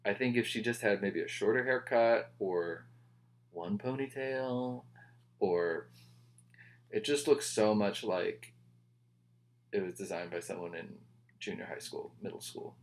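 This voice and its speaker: A man's voice: fairly low pitch, unhurried, long pauses. Wry rambling man reviewing comics. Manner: wry, rambling, joking asides. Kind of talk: casual chat.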